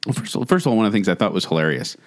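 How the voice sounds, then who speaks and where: Lively low-voiced man telling stories. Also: very fast. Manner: animated storyteller, mimics a robotic toy voice. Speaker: podcast co-host. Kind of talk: casual chat.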